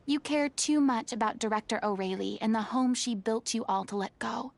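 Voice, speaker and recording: A proud, theatrical young woman scolds and lectures in a stern, commanding way. Her voice sits high and bright in a game cutscene. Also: moderate pace, vocal fry. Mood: earnest. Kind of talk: video game voice acting.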